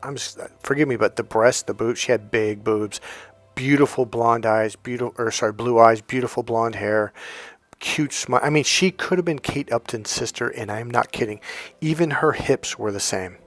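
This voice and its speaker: A man's voice: mid-range voice, moderate pace. A middle-aged man talking as a dating coach in a casual, rambling monologue, retelling old conversations in quotes.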